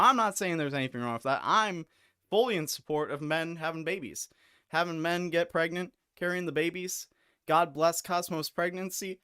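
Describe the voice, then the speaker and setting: A man's voice: on the high side, fairly bright tone, clear, resonant tone, dry recording, studio quality. A young man hosting a live stream, chatting casually in a rambling, crude and slangy way. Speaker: streamer host.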